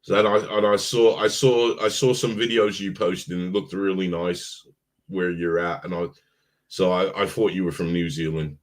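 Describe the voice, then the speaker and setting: A man's voice: sits low, steady tone, normal speed. Easygoing rambling male podcast host. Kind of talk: casual podcast chat.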